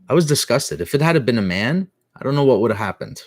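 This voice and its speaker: A man's voice: mid-range voice, lively intonation, quick pace, few pauses, a little hiss or hum. A middle-aged man hosting a casual live-stream chat, telling a family story in a rambling way, full of restarts and fillers.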